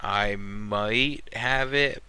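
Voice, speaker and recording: A man hosting a casual gaming podcast, talking in an animated way and swinging his pitch up when telling stories. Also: drawn-out words, clean tone, low-quality recording. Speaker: podcast host.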